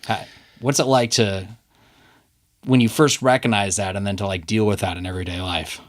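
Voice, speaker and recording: A man hosting a podcast in a recording studio, chatty and lively as he talks with his guest. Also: lowish voice, normal speed. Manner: chatty, animated, laughs easily. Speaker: podcast host. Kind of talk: casual interview chat.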